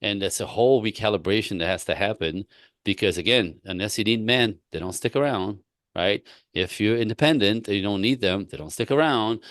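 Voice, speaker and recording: Male relationship coach, guest on a talk show, low voice, emphatic and repetitive, dry close sound. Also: fairly quick, dry recording. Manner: emphatic, repetitive, animated storytelling. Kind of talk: casual interview talk.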